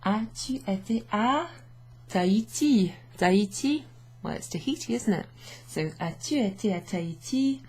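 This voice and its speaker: A woman's voice: medium pitch, expressive, normal speed, few pauses, a little mellow, husky. A young woman teaching French in a casual, chatty way, mixing English with French and laughing often, recorded at her home desk. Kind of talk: casual language lesson. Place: home office with a standing desk.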